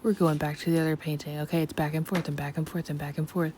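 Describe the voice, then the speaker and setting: A woman with a slightly low voice rambles through a late-night voiceover about her paintings. She chats to herself, drifts off mid-sentence and slips in and out of a country twang. A faint background noise sits under her voice. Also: little pitch movement, quick pace, darkish tone. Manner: chatty, scattered, talks to herself. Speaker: art vlogger. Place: at home at night.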